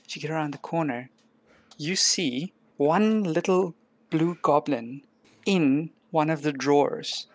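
A low-voiced woman narrates a tabletop game as game master. She tells the story in a calm, descriptive way. She is recorded in a dry room. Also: no room sound.

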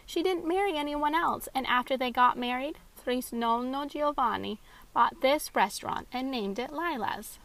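Kobieta jako cierpliwa dziewczyna, objaśniająca. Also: female voice, high-pitched, moderate pace, a bit bright, pitched above the performer's own voice, poor audio. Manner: patient, explaining. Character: patient young girl explaining family history.

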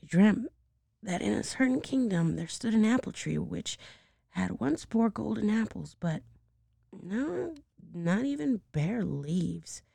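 Woman doing a soft-spoken hoarse old grandmother. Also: medium pitch, lively intonation, slow pace, no room sound, pitched above the performer's own voice, exaggerated voice. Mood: coaxing. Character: sly old grandmother, soothing and clever.

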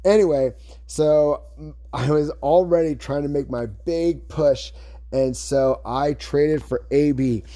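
Chatty rambling man, dark voice. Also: a little high, slow pace, no room sound, studio quality. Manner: rambling, chatty, self-correcting. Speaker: podcast host. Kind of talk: casual chat about fantasy football.

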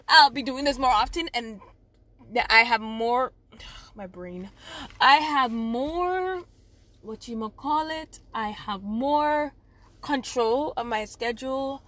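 A woman, hosting her own podcast in a rambling, casual solo chat with sudden loud outbursts. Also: on the high side. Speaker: podcast host.

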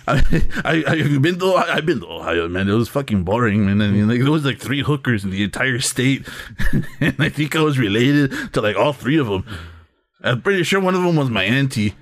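A man with a medium-pitched, slightly bright voice hosts an improvised comedy sketch. He talks crudely and ramblingly, laughing at his own jokes.

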